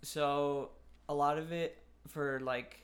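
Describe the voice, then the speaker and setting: A man's voice: fairly high pitch, steady tone, takes it slowly. An eighteen-year-old man chatting casually, hesitant and mumbly with lots of fillers. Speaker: guest, aspiring voice actor. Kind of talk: casual chat.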